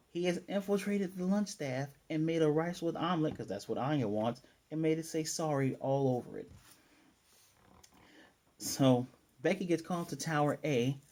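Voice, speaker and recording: A man at a middling pitch talks through an anime episode in a relaxed, chatty recap. His voice is warm and dark in tone. He corrects himself often and drops in playful asides along the way. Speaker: anime reviewer.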